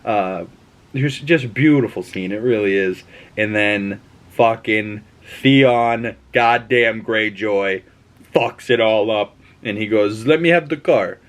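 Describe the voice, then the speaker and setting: A young man giving a casual movie review, rambling and excitable, with plenty of cursing. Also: lowish voice, slow.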